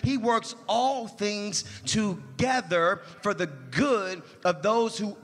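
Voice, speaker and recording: Man, pastor, sermon, call-and-response, bright tone, long church reverb. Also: high voice, lively intonation, takes it slowly. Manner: preaching with call-and-response and rising intensity.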